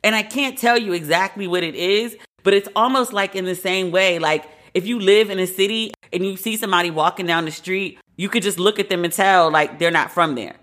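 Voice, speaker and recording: A woman's voice: mid-range voice, a little fast, few pauses, fairly bright tone. A woman hosting a podcast, giving her frank opinions in a casual, conversational way. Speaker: podcast host.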